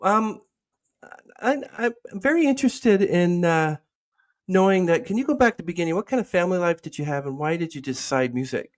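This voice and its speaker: Man, podcast host, very high voice, curious questions, laughs easily. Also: animated, brisk. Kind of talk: interview questions.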